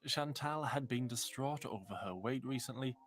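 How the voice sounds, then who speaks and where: A man's voice: medium pitch, moderate pace. Man narrating a documentary. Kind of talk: scripted narration.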